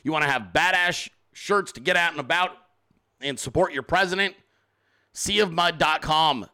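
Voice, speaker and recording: A man's voice: on the high side, normal speed, bright, forceful tone, smooth. A man hosting a show, talking in a casual, rambling, profane and joking way, including informal sponsor reads. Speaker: show host. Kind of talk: casual live-stream commentary.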